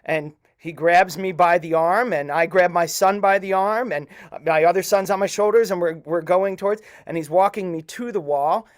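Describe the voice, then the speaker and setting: Middle-aged man, somewhat high voice, earnest halting storyteller addressing a live audience. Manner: earnest, halting, with many pauses. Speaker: storyteller at a community event.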